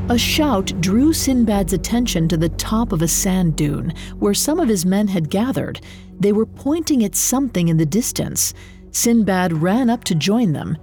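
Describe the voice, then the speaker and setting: A woman reading a scripted story in a measured, expressive narrating voice. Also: mid-range voice.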